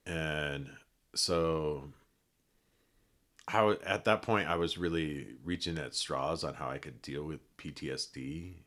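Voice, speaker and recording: A middle-aged man from Colorado, a podcast guest telling a long story in a relaxed, rambling way with many fillers and restarts. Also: extremely low pitch, takes it slowly. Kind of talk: casual storytelling.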